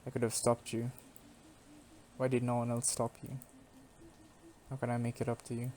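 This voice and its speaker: A man's voice: medium pitch, completely flat delivery, moderate pace, warm tone, a little hiss or hum, natural voice. A man reading the lines of a distraught young woman who accuses her small town, in an angry, heavy-hearted manner. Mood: remorseful. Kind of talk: reading game dialogue aloud.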